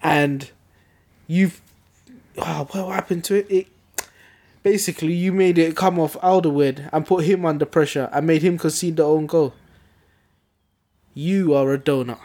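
A man, co-hosting a podcast and telling a football story in an animated, excitable way. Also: a little high, moderate pace, pauses often. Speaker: podcast co-host. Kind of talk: casual football chat.

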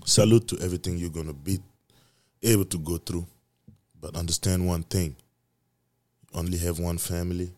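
A man's voice: sits low, steady tone, normal speed, pauses often. A man hosting his own podcast, talking in a rambling, profane, preachy monologue with emphatic repetition. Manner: repetitive emphatic delivery, swinging loud and soft. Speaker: podcast host. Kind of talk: casual solo podcast monologue.

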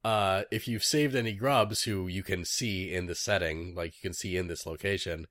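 A lower-pitched man talks casually and enthusiastically, trailing off into fillers as he goes. The sound is dry and close. He rambles warmly through his thoughts. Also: normal speed, no room sound. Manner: rambling and enthusiastic, many fillers, imitates creature noises. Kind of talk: casual chat about a video game.

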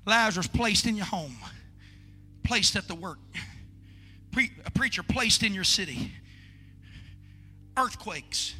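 Man, sermon, high voice, very bright tone, hushed stretches then shouted pleas, church music softly behind. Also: animated, takes it slowly, long pauses, slightly rough, long reverb tail. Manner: swings from hushed storytelling to shouted pleading. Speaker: pastor. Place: church sanctuary.

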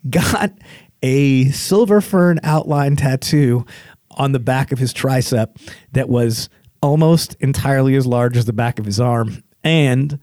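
A man in casual podcast chat, spinning anecdotes with lively energy and breaking into higher put-on voices for the people in his stories. His voice sits at an ordinary middle pitch. The sound is close and dry, with no room around it. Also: measured pace, no room sound. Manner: animated storyteller, mimics others in jumpy high voices. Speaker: podcast guest.

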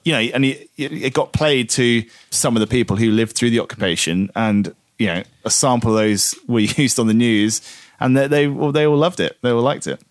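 A man's voice: medium pitch, moderate pace, no room sound. A man from Guernsey chatting casually on a podcast, reviewing a film in a rambling, hesitant way with many restarts. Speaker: podcast co-host.

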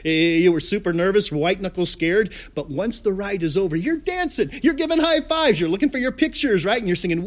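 A man, a pastor, gives a sermon online with a high, energetic voice whose pitch jumps up and down. He narrates with a playful touch, slipping in pop-culture jokes and laughing softly between lines.

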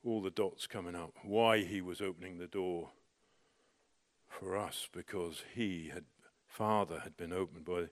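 This middle-aged man tells his story with a slightly low voice. He talks casually, breaking off and restarting, and rises into lively bursts at the exciting moments. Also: measured pace. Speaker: storyteller recounting personal experience.

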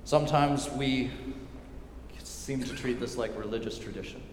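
A male pastor preaching a sermon emphatically and with repetition, often dropping to a quiet intensity. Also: mid-range voice, fairly even intonation, moderate pace, background noise. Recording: echoey hall with long reverb.

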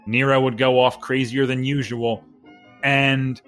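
A man's voice: medium pitch, flat delivery, measured pace, a bit bright, soft background music. A man co-hosting a casual history podcast, telling the story with rambling asides and jokes. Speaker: podcast co-host.

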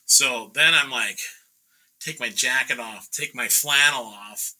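Animated storytelling man, bright voice. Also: mid-range voice, takes it slowly, low-quality recording. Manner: animated, acts out quoted voices, laughs often. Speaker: guest painter telling a story. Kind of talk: casual storytelling.

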